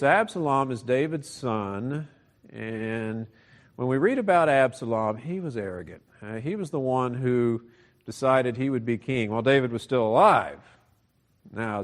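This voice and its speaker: A male pastor preaches a sermon, retelling a scripture passage and explaining it step by step. His voice sits in an ordinary middle pitch.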